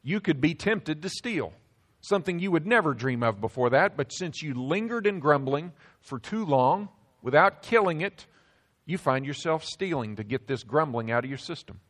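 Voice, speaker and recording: Male pastor, sermon, slightly high voice, loud emphasis then hushed drops. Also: lively intonation, moderate pace. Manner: preaching with dramatic swings between loud emphasis and hushed drops.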